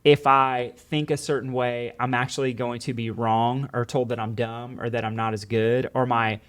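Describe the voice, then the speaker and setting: A man's voice: medium pitch, flat delivery, moderate pace, fairly bright tone, clean tone. Earnest man telling teaching stories. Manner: earnest storytelling with many "like"s and quoted dialogue. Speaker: podcast guest, former teacher. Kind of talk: casual podcast conversation.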